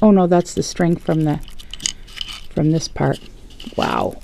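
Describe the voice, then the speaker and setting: In a casual vlog from her dining table, a woman opens craft gifts, gushing and gasping and often hushing to a whisper. Her low voice has vocal fry, moves slowly with long pauses, and the rough recording has a little hiss or hum.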